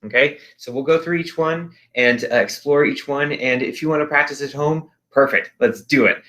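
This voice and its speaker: A young man teaching an expressive arts lesson in a chatty, upbeat way, with many ums and uhs. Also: mid-range voice, moderate pace. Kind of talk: casual virtual lesson.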